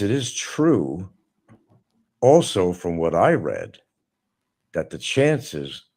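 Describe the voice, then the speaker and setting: A man's voice: low voice, a little mellow. A middle-aged man hosting a live stream, talking casually and mocking someone with sarcasm. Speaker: livestream host. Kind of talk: casual livestream monologue.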